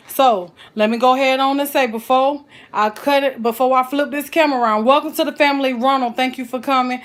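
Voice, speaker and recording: A woman's voice: high voice, fairly even intonation, fairly quick, few pauses. A woman chatting folksily while cooking on a live stream, calling her viewers child and honey. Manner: folksy and chatty, full of endearments.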